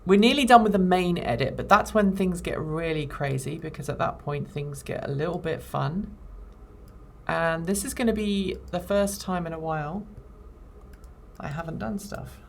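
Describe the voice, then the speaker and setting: Gravelly-voiced woman chatting while editing. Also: lowish voice, moderate pace. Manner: chatty, thinks aloud, hums while working. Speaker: video editor and show host. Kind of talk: casual livestream chat while editing.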